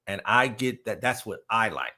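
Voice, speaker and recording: A man's voice: on the low side, lively intonation, moderate pace, bright, forceful tone, slightly rough. A man hosting a casual podcast chat, ranting emphatically with a lot of swearing. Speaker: podcast host.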